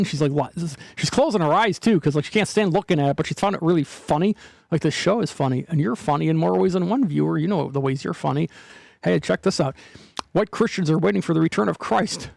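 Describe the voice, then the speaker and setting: A man's voice: sits high, gravelly, no room sound, clean studio sound. A man hosting his own show, making sarcastic jokes while reading news headlines aloud. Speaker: show host. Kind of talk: casual commentary on news clips.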